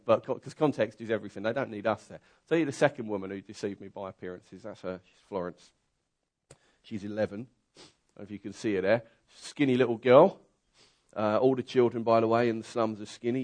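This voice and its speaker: A man preaching a conversational sermon, telling a story that swings from quiet asides to loud, excited bursts. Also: on the low side.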